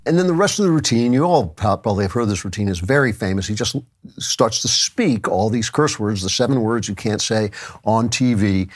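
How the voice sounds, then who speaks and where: A man's voice: on the low side, lively intonation, brisk. A man hosting a podcast, talking through a commentary monologue in a conversational way with wry asides. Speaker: podcast host.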